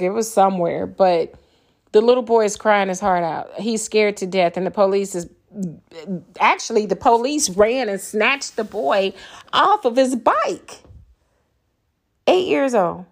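Speaking in a creaky, mid-range voice, an older podcaster launches into an impassioned solo rant that's angry, blunt and full of profanity. She has grown kids and grandchildren.

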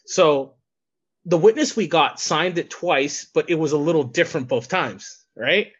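A man's voice: on the high side, a little slow, breathy edge, lo-fi sound. A man co-hosting a podcast, a wrestling coach telling a rambling story with restarts and swearing. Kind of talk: casual chat, telling an anecdote.

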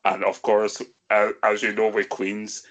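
A male podcast host talks at an unhurried pace in a fairly low voice. He leads a casual film discussion, walking through scenes and turning questions over to his co-hosts. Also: monotone, fairly bright tone. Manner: leads the talk, recapping scenes and asking the others.

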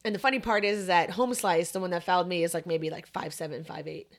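A young woman co-hosting a podcast, telling a story in casual chat, animated and profane. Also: fairly low pitch, quick pace. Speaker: podcast co-host.

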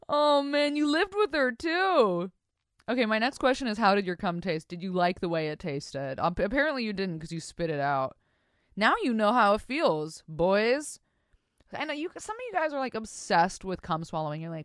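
A woman's voice: lowish voice, big pitch swings, moderate pace, clean tone, no echo, clean studio sound. A woman hosting a podcast in casual chat, reading listener stories aloud and reacting to them with crude, profane, mock-disgusted humor. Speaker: podcast host.

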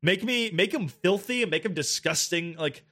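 A man in casual gaming chat, swearing often and laughing through animated rants. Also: high voice, moderate pace.

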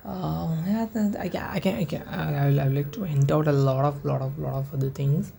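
A woman's voice: deep voice, brisk, gravelly, dark tone. A woman hosting a solo podcast, rambling and swearing casually, sleepy and yawning as she talks unscripted. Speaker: podcast host.

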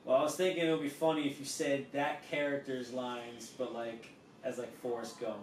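A man's voice: mid-range voice, flat delivery, moderate pace. A man hosting a podcast in casual chat, loose and rambling, swearing freely. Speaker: podcast host. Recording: roomy, distant mic.

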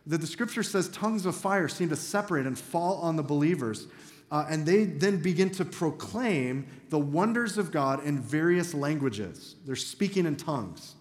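A man preaching a sermon as pastor in a church, talking in a conversational but emphatic way. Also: a little high. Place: church sanctuary. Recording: echoey hall reverb.

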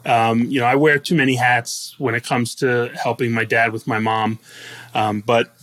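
Joking middle-aged podcast co-host. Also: male voice, mid-range voice, level tone, moderate pace, a bit bright. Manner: joking, self-deprecating storyteller who laughs often. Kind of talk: casual chat.

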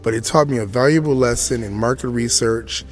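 A man's voice: mid-range voice, a little fast. Chatty storytelling man, faint music. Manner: chatty, digressive asides to the listener. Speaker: podcast host. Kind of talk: storytelling monologue.

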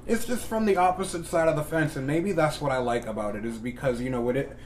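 A middle-aged man co-hosting a podcast, chatting casually in a profane, joking, animated way. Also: a little high, fast talker, a little hiss or hum. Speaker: podcast co-host.

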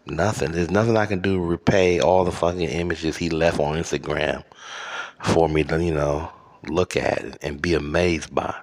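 A man's voice: very deep voice, fairly even intonation, normal speed. A man hosting a podcast, delivering a profane solo rant with exaggerated outrage and lots of fillers. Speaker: podcast host.

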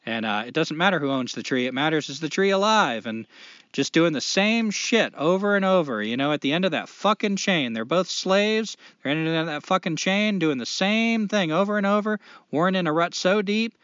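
A man co-hosting a podcast in casual chat, profane and animated, rambling through his points. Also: a little high, moderate pace, no echo. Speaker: podcast co-host. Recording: dull lo-fi podcast audio.

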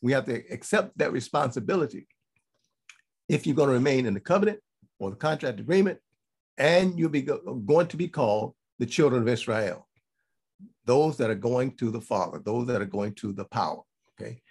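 Gravelly-voiced man teaching scripture. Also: medium pitch, expressive, fairly quick, a little mellow. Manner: repeats points for emphasis, checks in with "okay?". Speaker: teacher of a congregation. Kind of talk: Bible teaching sermon.

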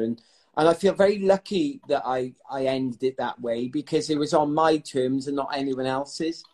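A middle-aged man from the United Kingdom, a retired athlete telling stories in a chatty, animated way in an interview, laughing now and then. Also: fairly high pitch. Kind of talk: casual storytelling interview.

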